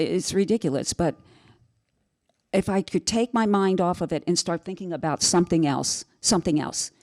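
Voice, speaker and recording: A woman's voice: medium pitch, darkish tone. A woman speaking to carepartners in an earnest, reassuring way, often repeating phrases for emphasis. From Italian family background. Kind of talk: panel talk to carepartners.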